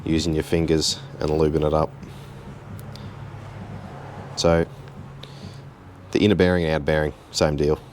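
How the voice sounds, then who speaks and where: This home mechanic host talks slightly slowly and pauses often as he explains a car fix in his garage, his very low voice relaxed, chatty and self-deprecating. A faint hiss sits under the recording.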